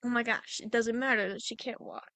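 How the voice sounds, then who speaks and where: A chatty woman recaps a film in a loose, rambling way, often stopping to restart her sentences. Her voice sits fairly high, and the sound is dry and close with no room echo. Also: steady tone, fairly quick, bright, forceful tone. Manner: rambling plot retelling with frequent restarts. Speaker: podcast co-host. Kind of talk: casual movie review chat.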